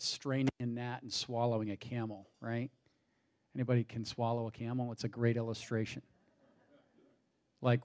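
With a mellow, medium-pitched voice, this pastor delivers a sermon, posing rhetorical questions and driving his points upward in emphasis. He occasionally runs short of breath.

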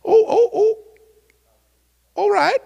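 A man's voice: extremely high pitch, takes it slowly, vocal fry, mellow, big-room sound, muffled recording, pitched above the performer's own voice, exaggerated voice. A man voicing God as a sarcastic, annoyed figure in a sermon retelling. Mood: sarcastic, exasperated. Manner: mock-cheerful, sarcastic.

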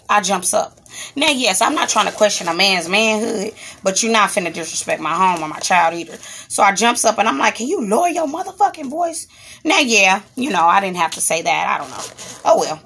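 This woman vlogger has a medium-pitched voice with vocal fry, a fairly bright tone, and a breathy edge. She delivers a casual, rambling storytime monologue full of candor and profanity, pausing now and then to scold her kid.

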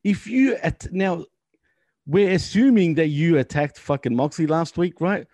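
A man's voice: fairly high pitch, measured pace, darkish tone, no room sound. A man co-hosting a casual wrestling chat, ranting and swearing in exasperation. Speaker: podcast co-host.

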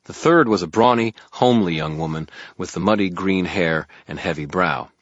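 Super deep husky guy narrating a wry audiobook, dry close sound. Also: moderate pace, a bit bright, dry recording. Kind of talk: first-person audiobook narration. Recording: muffled lo-fi recording.

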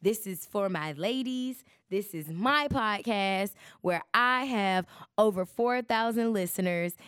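Speaking in a fairly high, clean voice, a podcast host chats casually and preachily, addressing her listeners directly. The recording has studio quality with no echo.

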